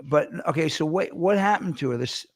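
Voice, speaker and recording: A man's voice: fairly high pitch, over a noisy crowd. A man hosting a casual chat show, bantering and joking with his guests. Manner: bantering, joking, quick to laugh. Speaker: host.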